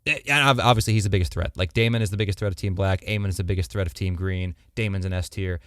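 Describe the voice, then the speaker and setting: Low-voiced joking guy, dry mic. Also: quick pace, clear, resonant tone, dry recording. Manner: joking, slangy, lots of fillers. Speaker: podcast co-host. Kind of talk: casual chat.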